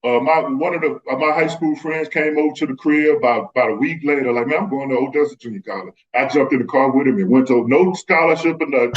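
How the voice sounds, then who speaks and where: This guest, once a professional basketball player, rattles off casual stories fast with hardly any pauses, imitating the voices of the characters involved. His pitch is medium, and the recording is dull.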